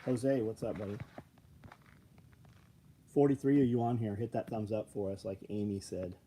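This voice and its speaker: A man's voice: fairly low pitch, steady tone, normal speed, mellow, a little hiss or hum. A man hosting a casual livestream about gear, talking bluntly with lots of swearing and angry rants. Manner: profane, blunt, swings between rambling and angry ranting. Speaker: livestream host selling tactical gear.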